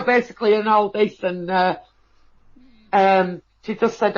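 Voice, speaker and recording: A woman telling a personal experience, halting with many fillers and restarts. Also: mid-range voice, fairly even intonation. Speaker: guest. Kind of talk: emotional personal account. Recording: dull lo-fi audio.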